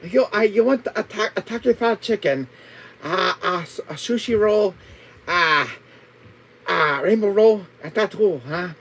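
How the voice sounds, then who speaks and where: A man's voice: very high voice, very animated, drawn-out words, few pauses, mellow, husky, voice pushed up, heavily acted. A man voicing a pushy takeout restaurant clerk in an exaggerated put-on voice, hawking the menu.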